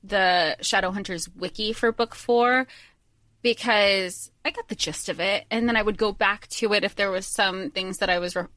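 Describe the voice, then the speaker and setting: Bright, rambling woman podcast co-host. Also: medium pitch, fairly even intonation, normal speed, no room sound. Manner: rambling, enthusiastic, self-correcting. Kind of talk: casual chat.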